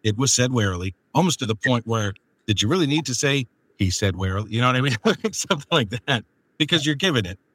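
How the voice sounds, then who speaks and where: A man's voice: medium pitch, lively intonation, quick pace, fairly bright tone, dry recording. A man hosting a podcast and interviewing a guest, rambling with many fillers and frequent laughter. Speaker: podcast host and audiobook producer. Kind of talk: casual interview chat.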